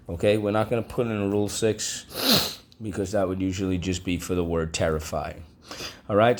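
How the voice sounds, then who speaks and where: A man teaching a vocabulary and phonics lesson, drawing out each word slowly and deliberately. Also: deep voice. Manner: slow, deliberate, with drawn-out modeled words.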